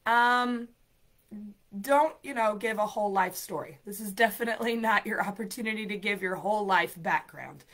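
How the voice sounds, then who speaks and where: Woman host, upbeat, chatty, emphatic, mid-pitched voice, exam coaching talk. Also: moderate pace, fairly bright tone. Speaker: ESL program coordinator and show host. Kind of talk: live-streamed exam tips talk.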